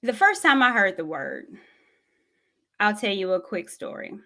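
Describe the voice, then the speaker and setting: A woman, speaking to her viewers in an earnest, reflective way. She tells a personal story at an unhurried pace. Her voice sits in a mid range. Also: mid-range voice, big pitch swings, pushed and bright. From Tennessee, USA. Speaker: vlogger.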